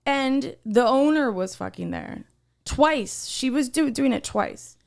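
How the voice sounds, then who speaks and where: Her voice sits high and slow with vocal fry as this woman, co-hosting a podcast, recounts a workplace incident. She gets heated and animated, cursing often in the casual back-and-forth.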